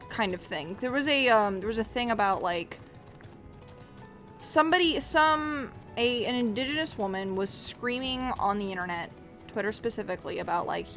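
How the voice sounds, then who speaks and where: A woman's voice: a little high, moderate pace, fairly bright tone, soft background music. A woman streaming a game, chatting casually to her viewers in a rambling, profane way, often restarting her sentences. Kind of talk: casual livestream chat while playing.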